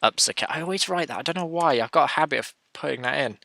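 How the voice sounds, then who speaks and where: A man's voice: a little high, quick pace, creaky, bright, forceful tone, no echo. A man hosting a casual coding tutorial, talking through his screen as he works and correcting himself as he goes. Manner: thinks aloud, self-correcting, chatty.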